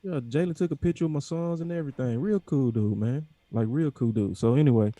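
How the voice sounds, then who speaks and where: A man's voice: mid-range voice, warm tone, dry recording. Laid-back man in casual chat. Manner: laid-back, drawn-out, slangy. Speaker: co-host of a fan live stream.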